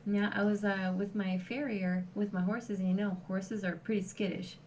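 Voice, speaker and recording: A woman's voice: mid-range voice, fairly even intonation, moderate pace, darkish tone. Quebecois woman chatting, a bit distant. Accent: Quebecois French. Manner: chatty, laughs easily, reads out viewer comments. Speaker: co-host guest. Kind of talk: casual livestream chat. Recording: distant mic with faint background noise.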